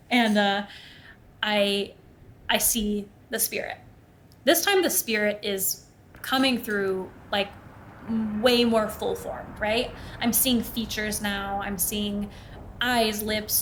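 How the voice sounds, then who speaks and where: Speaking in a mid-range voice, a young woman hosts a podcast and chats casually through a personal story. She's an animated storyteller who performs the voices of the people she quotes.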